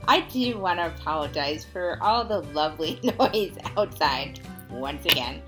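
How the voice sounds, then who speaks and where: A woman's voice: low-pitched, big pitch swings, moderate pace, pushed and bright, faint music behind. A young woman hosting an oracle card reading, talking casually and encouragingly, rambling with ums and little laughs. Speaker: oracle card reader, channel host. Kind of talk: casual spiritual video talk.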